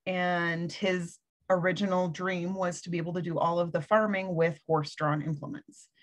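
A woman from the Midwestern United States, a podcast guest recounting her childhood in a relaxed way with many ums. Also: fairly low pitch, moderate pace. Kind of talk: casual interview chat.

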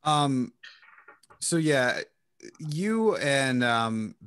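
A man's voice: mid-range voice, fairly bright tone, no echo, clean studio sound. A man co-hosting an interview who asks his questions hesitantly while searching for words. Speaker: co-host.

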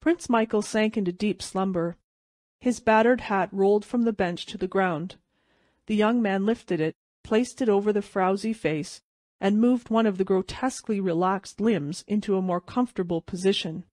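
A woman narrating a classic short story as an audiobook, in a steady, measured way. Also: medium pitch, dry recording.

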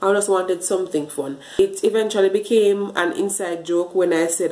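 A chatty woman vlogger gives a casual step-by-step tutorial of her hair wash routine, talking to the camera a bit out of breath as she washes. Her lowish, darkish voice keeps a moderate pace with few pauses, and the poor audio has a roomy sound.

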